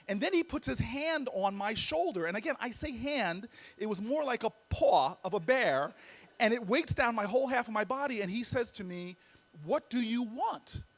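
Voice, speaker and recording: A man giving a humorous storytelling speech as a guest speaker, animated and full of comic timing, often repeating words as he builds up. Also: extremely high pitch.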